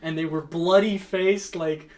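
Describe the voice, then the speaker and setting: A man's voice: fairly high pitch, steady tone, unhurried, a little mellow. A young man telling a rambling, laughing story in casual chat, swearing freely.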